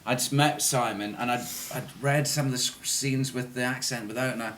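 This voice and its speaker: A man's voice: mid-range voice, steady tone, brisk, a bit bright, a little hiss or hum. A Scottish man answering at a press conference, chatty and laughing often as he restarts his sentences. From Scotland.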